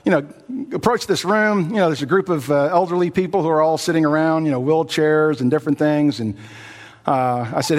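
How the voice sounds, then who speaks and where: A pastor preaches in a relaxed, folksy storytelling style, sprinkling "you know" throughout his fairly quick delivery. His voice is somewhat high for a man and carries the long reverb of a church sanctuary.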